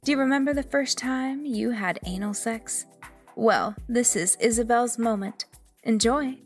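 A woman's voice: on the high side, measured pace, faint music behind. Woman host reading podcast announcements. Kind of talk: scripted show announcements.

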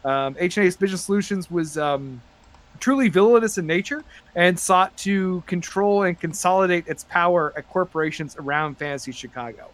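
Narration and banter come from a man acting as game master for a tabletop podcast. He speaks at a normal speed in a high register, rambling, using many fillers and growing excited.

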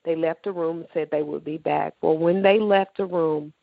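A woman's voice: low voice, steady tone, moderate pace, vocal fry, no room sound, narrow, tinny audio. A woman telling her personal faith testimony in an emotional, emphatic way, acting out the dialogue as she goes. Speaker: testimony speaker.

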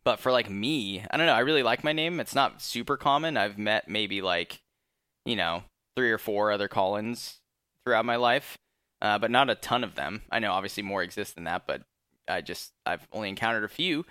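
A man's voice: lowish voice, normal speed, bright, forceful tone, clean tone, no echo, clean studio sound. A young man hosting a casual podcast chat, laid-back and rambling with fillers and laughs. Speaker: podcast host.

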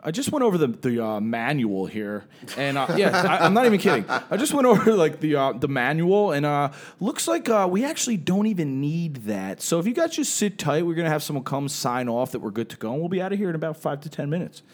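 Man playing a bumbling flight crew guy, halting and raised-up in pitch, lively swings. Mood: sheepish. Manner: halting, sheepish, stammering. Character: bumbling male airline crew member.

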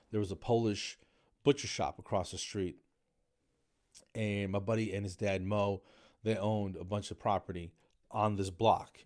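A man's voice: lowish voice, a little mellow. Slangy, rambling New man. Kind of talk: casual storytelling monologue.

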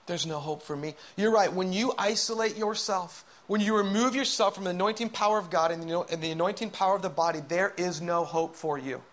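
A man preaching a sermon, swinging between loud, urgent calls and hushed whispers as he acts out inner voices. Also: high-pitched, a little fast, hardly any pauses. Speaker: pastor.

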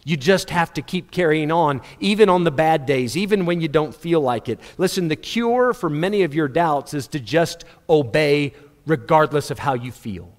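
A man delivering a sermon, his voice sitting a little high and ringing out in a large hall with a long echo. He talks animatedly, slips into voices for little scenes and laughs along with his own stories. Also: animated, moderate pace. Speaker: pastor.

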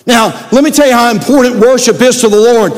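Male pastor with a very high voice, preaching with shouted emphasis in a church with long reverb. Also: brisk. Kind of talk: sermon. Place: church sanctuary.

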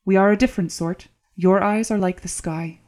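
A woman voicing a gentle foreign monk who speaks with a calm, sing-song lilt in an audiobook. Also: mid-range voice, normal speed, close to an everyday voice. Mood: serene.

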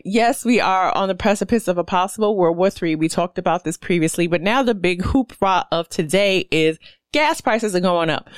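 A woman rambles through a solo podcast episode in a somewhat low, smooth, clear voice. Her delivery is candid and profane, full of fillers and side stories. The sound is close and dry, with no room around it. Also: no echo. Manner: candid, profane, animated storytelling with many fillers. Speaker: podcast host. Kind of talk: casual solo podcast monologue.

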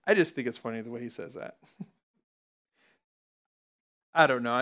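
A man preaching a lively sermon as pastor, reading scripture aloud and laughing at himself now and then. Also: mid-range voice, measured pace. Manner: energetic, reads scripture aloud and laughs at his own stumbles.

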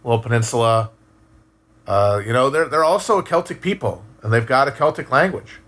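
A man casually talking on a live stream and answering chat, musing out loud, swearing now and then, with frequent restarts. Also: medium pitch, animated, fairly quick. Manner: rambling, musing, profane, many restarts.

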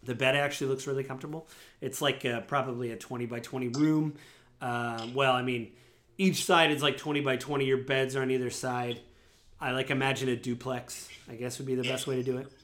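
A man's voice: mid-range voice, level tone, brisk, a bit bright. Man, game master, tabletop narration, rambling, filler words.

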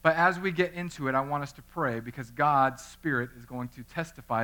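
A man in his thirties, a pastor, preaching a sermon through an animated personal story and acting out the voices in it. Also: medium pitch, brisk, hardly any pauses.

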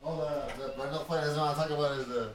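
A man's voice: on the high side, fairly even intonation, very fast. Teasing man heard from across a room. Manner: joking, teasing interjections. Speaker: podcast host. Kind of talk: casual chat. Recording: distant mic in a roomy space with faint room noise.

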